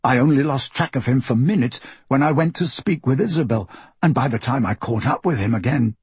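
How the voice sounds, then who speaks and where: A man voicing an earnest, remorseful young male magician in an audiobook, speaking low and hushed. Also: a little fast, slightly rough, no echo. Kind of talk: audiobook character voice.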